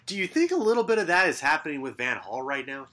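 Bright-voiced man hosting a sports podcast. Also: on the high side, fast. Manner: lively, rattles through fixture lists with sarcastic asides. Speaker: podcast co-host. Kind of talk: casual sports podcast chat.

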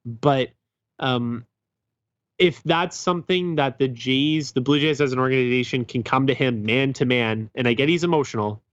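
A man's voice: medium pitch, normal speed, dry recording. A man co-hosting a casual sports podcast, rambling and hesitant, with many fillers and restarts. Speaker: podcast co-host. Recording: dull lo-fi sound.

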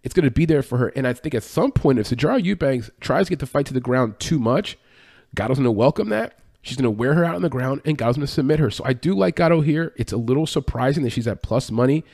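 A man's voice: mid-range voice, expressive, a little mellow, dry recording, clean studio sound. A man hosting a show on fight betting, talking through picks in a casual, chatty way and correcting himself as he goes. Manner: fast, chatty, with fillers and self-corrections. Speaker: MMA betting podcast host. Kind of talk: casual fight-pick analysis.

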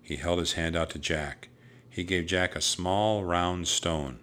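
Reading a children's story aloud, a man speaks slowly in a deep, low register. The narration sounds crisp and bright, delivered in a steady, even manner.

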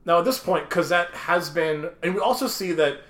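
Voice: mid-range voice, a bit bright, roomy sound. A podcast co-host in a casual film discussion who chats in detail and laughs easily. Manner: chatty, quick to laugh, explains in detail.

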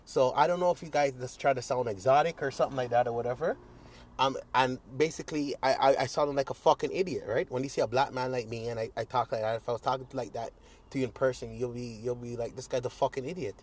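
A man's voice: mid-range voice, fairly even intonation, quick pace. Rambling, profane young male podcaster. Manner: rambling, profane, full of fillers and restarts. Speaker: podcast host. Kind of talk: casual solo podcast monologue.

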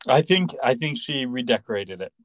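A man co-hosting a podcast, ranting in casual chat, exasperated and expressive. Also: medium pitch, brisk, no echo. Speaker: podcast co-host.

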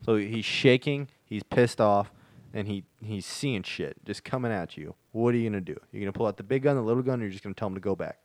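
A rapid-fire, foul-mouthed interviewer who piles on outlandish scenarios, played by a man in an improvised skit. His voice is fairly low and the recording is dry and close. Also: dry recording, lightly acted. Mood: probing. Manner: rapid, profane, escalating rants. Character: fast-talking male job interviewer, quick to lose temper.

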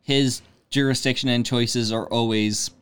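Man, mid-pitched voice, easygoing, chatty, lots of filler words, podcast co-host. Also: steady tone, a little slow, a bit bright, clean tone. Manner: easygoing, chatty, hedges with "like" and "I mean". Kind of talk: casual chat.

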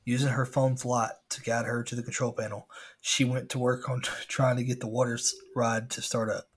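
A man's voice: medium pitch, level tone, fairly quick, slightly rough. A man reading a scary story aloud as a podcast host, with casual asides.

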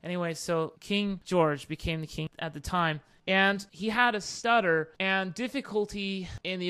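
An earnest preacher teaching in an informal sermon style, weaving stories into the message. The voice is smooth and resonant, pitched in a middle range. Key declarations swell into loud, emphatic statements. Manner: retells stories with repeated "and all of a sudden".

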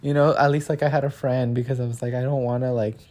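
A young man chatting casually in a vlog, telling a story with lots of filler words and acting out quotes in a higher voice. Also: level tone, fast, darkish tone. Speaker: vlogger.

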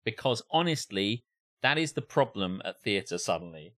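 A man holds forth as a podcast co-host, swearing freely and acting out scenes as he rants. His pitch swings widely from high to low while he tells his stories. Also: normal speed. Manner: sweary, animated ranting with acted-out impressions. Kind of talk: casual chat.

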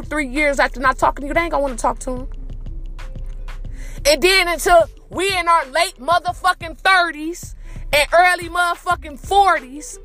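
A woman with a high voice talks straight to her listener in a blunt, profane podcast monologue, calling them "my baby" as she lectures. She speaks, and faint music plays behind her. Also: bright, forceful tone. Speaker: podcast host. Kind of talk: casual monologue.

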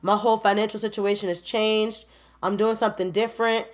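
A woman in her twenties hosts a podcast and talks through her life in a candid, animated way. She laughs often and speaks straight to her listeners. Her voice sits at a middling pitch. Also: fairly quick. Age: 20s. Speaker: podcast host. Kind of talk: casual personal update.

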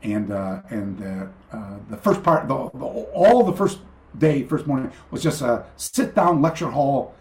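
A man's voice: mid-range voice, expressive, a little slow. An older man, a karate teacher, telling long anecdotes in a casual interview over a video call, with many restarts and acted-out quotes.

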